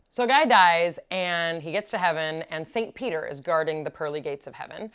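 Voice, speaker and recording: A woman vlogger telling jokes to the camera in a casual, animated way, laughing at her own punchlines. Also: on the low side, fairly quick, smooth.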